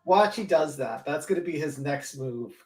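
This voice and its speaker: A man's voice: a little high, expressive, moderate pace, a little mellow. A man on a live online panel, mocking and joking in casual chat. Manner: mocking, joking, riffs in impressions.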